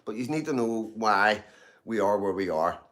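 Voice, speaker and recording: A man in Glasgow chats casually on a live stream, reading out messages in a fairly low, slightly bright voice with lively intonation at a moderate pace. Between remarks he eats and drinks tea, and his talk is rambling and repetitive, full of "you know what I mean."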